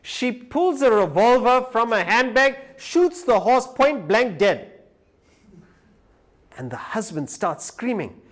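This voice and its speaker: A man giving a live lecture who tells a story with animated delivery. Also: sits high, slow, long pauses. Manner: animated storyteller, acts out quoted voices. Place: lecture hall.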